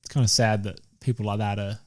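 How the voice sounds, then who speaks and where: A man's voice: on the low side, little pitch movement, fast, darkish tone. A young man co-hosting a podcast, joking around with slang in casual chat. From Australia. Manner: joking, laughs often, slangy. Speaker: podcast co-host.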